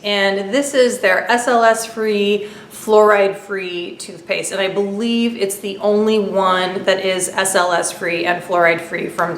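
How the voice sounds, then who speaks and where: Fast, chatty woman vlogger. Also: medium pitch, a bit bright, roomy sound. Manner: chatty and quick, with fillers and asides. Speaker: beauty vlogger. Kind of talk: casual product review vlog.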